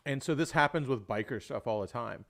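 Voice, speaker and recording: A man's voice: mid-range voice, fairly quick, gravelly, fairly bright tone. A young adult man hosting a livestream, talking casually and at length, swearing often and calling people "dude". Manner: rambling, swears often, says "dude" a lot. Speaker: livestream host.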